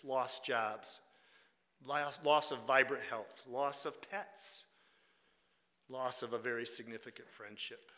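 An older man preaching a sermon in a church, conversational and wry, sometimes dropping to a hushed voice. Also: medium pitch, in a large hall. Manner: conversational with wry humor, drops to a hush for quotes. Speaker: guest preacher and Bible college teacher. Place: church sanctuary.

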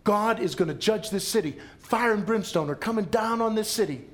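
A man's voice: high-pitched, normal speed, pitched above the performer's own voice, close to an everyday voice. A man preaching who briefly voices an urgent grown man pleading with his family to flee before judgment. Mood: urgent warning.

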